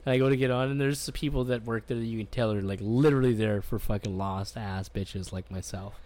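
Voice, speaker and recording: A man's voice: fairly low pitch, fairly quick, darkish tone. A man from Canada telling a rambling travel story on a podcast, swearing a lot and acting out what people said. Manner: rambling, profane, acts out quoted voices. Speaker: podcast co-host. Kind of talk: casual storytelling chat.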